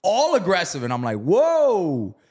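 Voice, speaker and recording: A man's voice: medium pitch, lively intonation, moderate pace. A man casually telling a story, swearing freely and acting out the people he quotes. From South Florida. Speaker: real estate investor.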